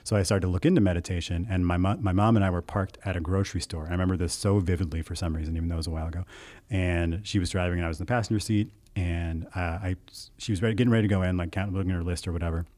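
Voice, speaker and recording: A young man with a low voice chats casually on a podcast. He rambles through stories in a rapid, animated way. The recording is close and dry. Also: dry recording.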